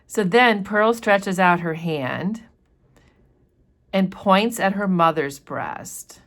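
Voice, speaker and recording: A woman's voice: medium pitch, slow pace. A woman teacher chatting through a novel chapter, explaining passages with casual fillers. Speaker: literature teacher. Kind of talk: casual book commentary with read passages.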